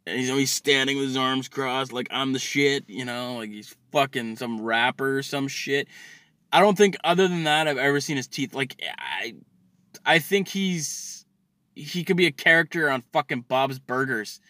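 A man ranting comedically, swearing constantly and stammering through restarts, swinging between loud outbursts and low mutters. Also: moderate pace, no echo. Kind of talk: profane comedic rant.

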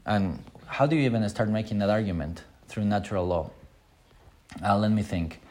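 A man's voice: on the low side, moderate pace, darkish tone. A man, a pastor, teaching an unscripted Sunday School Bible lesson, with many filler sounds and quoted lines acted out in a raised voice.

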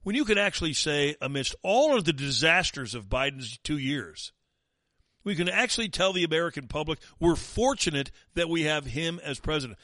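A man's voice: on the high side, lively intonation, moderate pace, sharp tone, dry recording, clean studio sound. Sarcastic male talk show host. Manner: sarcastic, mocking. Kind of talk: opinionated talk show commentary.

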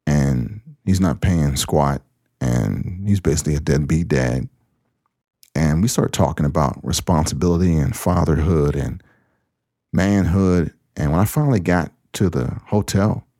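A man hosting a podcast, telling a story in a casual, animated way and acting out the dialogue. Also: rumbling low, moderate pace, no room sound, clean studio sound. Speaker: podcast host.

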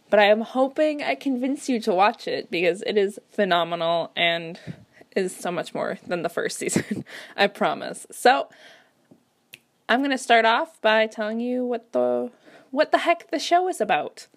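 A woman's voice: on the low side, dry recording. Chatty young woman podcaster, a bit congested. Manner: chatty, enthusiastic, lots of fillers. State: slightly congested. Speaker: writing podcast host. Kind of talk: casual solo podcast chat.

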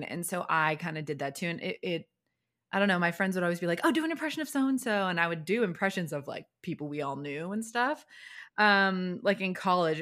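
Low-pitched chatty woman. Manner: chatty, many "like" fillers, lively swings into quoted voices. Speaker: impressionist and video creator. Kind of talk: casual interview chat.

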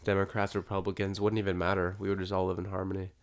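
Low-voiced man telling stories animatedly. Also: quick pace. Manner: animated storyteller who acts out quoted dialogue. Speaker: guest co-host. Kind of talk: casual podcast chat.

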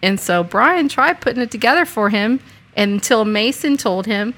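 Middle-aged woman guest rambling thru family stories, bright crisp voice. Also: a little high, lively intonation, normal speed. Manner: rambling anecdotal storytelling. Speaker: podcast guest. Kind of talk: casual chat.

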